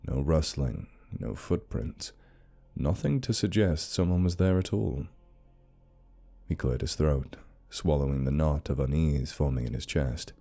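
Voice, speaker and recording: A man reading a horror story in a slow, measured, brooding way as scripted narration. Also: very deep voice, vocal fry, warm tone.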